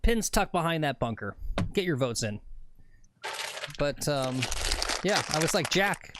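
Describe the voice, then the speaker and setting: A man's voice: a little high, sing-song, measured pace, noisy background. A man hosting a casual golf livestream, chatting and rambling as he reads viewer comments aloud. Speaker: livestream host.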